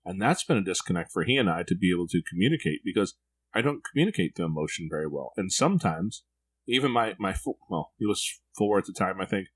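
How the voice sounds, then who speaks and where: A man's voice: low voice, animated, fast. A man hosting a parenting podcast, talking in a candid, reflective way. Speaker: podcast host. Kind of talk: podcast interview.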